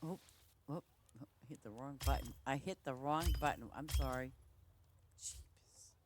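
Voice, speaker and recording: Against a noisy background, a woman talks at normal speed in a very deep voice. Livestreaming a farming game, she chats casually and tells rambling stories, laughing a lot and cutting herself off to start over.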